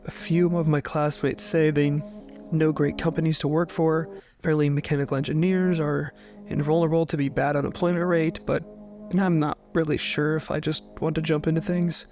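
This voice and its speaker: Young guy reading a creepy first-person story, slightly high voice, dry and calm, soft music underneath. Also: brisk. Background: faint music.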